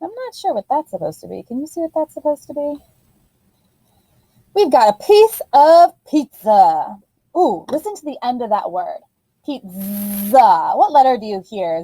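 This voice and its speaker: A woman teacher giving a phonics lesson to young children in an animated, sing-song voice. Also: medium pitch, no echo, poor audio.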